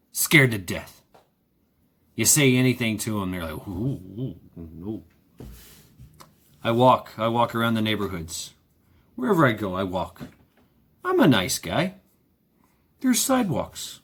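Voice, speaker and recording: A man's voice: on the low side, very animated, measured pace, long pauses, fairly bright tone, slightly rough. A man vlogging in a sarcastic ranting monologue, repeating himself, swearing freely and firing off rhetorical questions.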